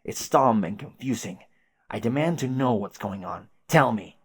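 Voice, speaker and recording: A man voicing a bratty, hot-tempered young male alien who shouts insults and demands answers. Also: lowish voice, lively intonation, moderate pace, husky. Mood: angry, demanding.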